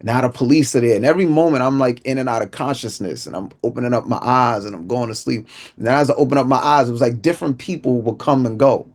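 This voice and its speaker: A man speaks at an ordinary pitch, telling a personal story as an inspirational speaker. He tells it vividly and acts out the voices of the people in it with street slang. At the heavier moments his voice sinks low and quiet.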